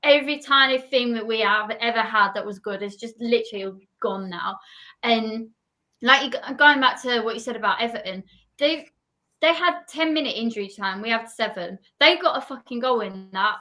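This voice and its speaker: A woman's voice: a little high, normal speed, bright, forceful tone. A woman football fan ranting in frustration about her team in casual chat.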